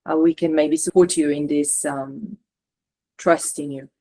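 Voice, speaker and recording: A woman channeler and coach guiding a spiritual session over a video call, talking in halting, searching phrases. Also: low voice, steady tone, mellow. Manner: halting, searching, relays messages.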